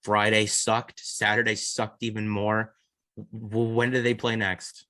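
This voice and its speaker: A man's voice: lowish voice, completely flat delivery, measured pace, bright, forceful tone, no room sound, studio quality. A man co-hosting a casual sports podcast, talking earnestly and restarting his sentences often. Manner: rambling, repeats and restarts, earnest. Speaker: podcast co-host.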